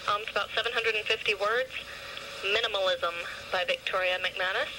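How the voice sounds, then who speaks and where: A woman reading a short story aloud at a steady pace. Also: mid-range voice, a little fast, noisy background. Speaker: story reader.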